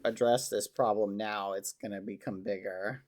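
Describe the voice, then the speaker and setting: A man's voice: on the low side, fairly even intonation, moderate pace, a crowd in the background. A man streaming a game, chatting casually in role-play, hesitant and stumbling over repeated words.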